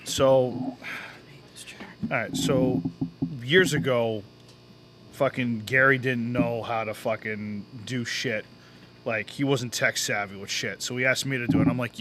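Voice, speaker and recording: A man's voice: medium pitch, fairly even intonation, unhurried, a bit bright. A man co-hosting a casual podcast, telling a long profane story and acting out the other people in it. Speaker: podcast co-host. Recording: faint background noise.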